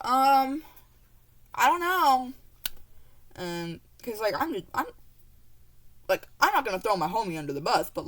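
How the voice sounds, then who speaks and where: Teen girl, slightly low voice, casual storytime vlog, rambling and foul-mouthed. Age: teens. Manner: profane, rambling, full of fillers and asides. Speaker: vlogger telling a story.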